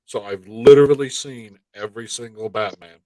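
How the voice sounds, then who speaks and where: A man's voice: medium pitch, moderate pace, crowd noise, rough recording. Profane, rambling man on a live stream. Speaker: podcast co-host. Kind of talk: casual live-stream chat.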